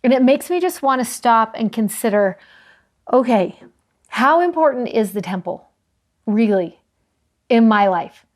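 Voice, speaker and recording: Woman co-host, higher register, earnest storyteller who slows down for emphasis. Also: expressive. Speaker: co-host of a scripture study show. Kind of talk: casual scripture discussion.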